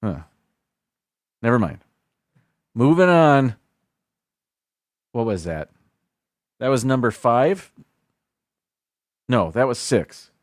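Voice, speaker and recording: Male streamer host, casual list-reading, lively up-and-down delivery, dry close mic, trips over words. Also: medium pitch, no echo. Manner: reads haltingly, stumbles over foreign words, self-deprecating asides. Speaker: livestream host.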